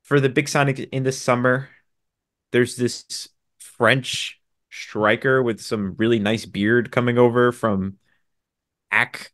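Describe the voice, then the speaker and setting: A man co-hosting a sports podcast, briskly running through signings and stats with dry, sarcastic asides. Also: medium pitch, fairly even intonation, dry recording. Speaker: podcast co-host. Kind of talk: casual sports podcast chat.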